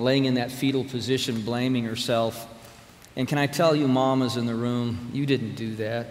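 A man's voice: medium pitch, fairly even intonation, normal speed, a little hiss or hum. A man telling a personal story in a sermon. He talks conversationally and speaks directly to the congregation in a church. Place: church sanctuary with an audience. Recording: reverberant hall, faint room ambience.

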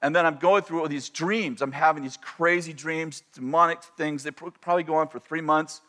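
A man tells a personal story from the pulpit in a slightly raised voice, breaking off mid-phrase and circling back with quick restarts. His delivery is animated and conversational rather than polished, like a speaker caught up in his own tale. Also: a little high. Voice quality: animated, self-interrupting, repeats and restarts phrases. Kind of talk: storytelling sermon anecdote.

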